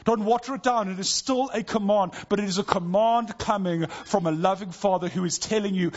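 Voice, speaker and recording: A man preaching a sermon to his church, earnest, dropping to a soft hush in tender passages. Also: high voice, brisk, few pauses, muffled recording. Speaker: pastor.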